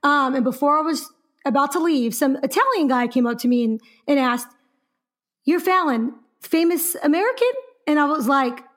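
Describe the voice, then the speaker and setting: A young woman co-hosting a podcast, telling a story in a lively, chatty way and laughing often. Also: sits high, brisk. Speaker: podcast co-host. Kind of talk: casual podcast chat.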